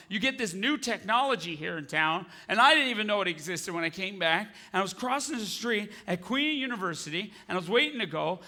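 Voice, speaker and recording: A stand-up comic works a big theater crowd into laughter. His high, bright voice swings widely as he jumps into squealing impressions. A faint crowd murmur sits behind him. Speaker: stand-up comedian. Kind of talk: stand-up comedy. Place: large theater stage. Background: audience laughter.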